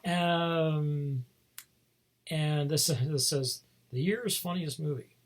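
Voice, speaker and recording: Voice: medium pitch, a little slow, breathy edge. A vlog host talking in a casual, meandering monologue, full of restarts and small chuckles. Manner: meandering, many fillers and restarts, chuckles often.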